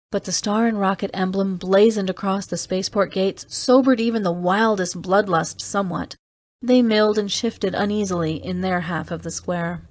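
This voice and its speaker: A woman reading an audiobook aloud as a weary, seasoned man, in steady, measured narration. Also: mid-range voice, no echo, lightly acted. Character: weary man, seasoned off-world agent, terse. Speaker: audiobook reader. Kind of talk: scripted narration.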